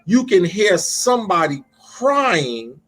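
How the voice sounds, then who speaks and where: A man, pastor and host of a call-in show, telling a story in a conversational sermon style and slowing down to stress his points. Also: high voice, very animated, faint music behind.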